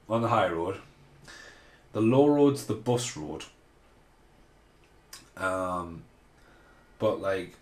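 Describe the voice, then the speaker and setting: A man's voice: on the low side, a little mellow. A man hosting a casual film commentary podcast, rambling and swearing freely as he rants. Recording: roomy echo.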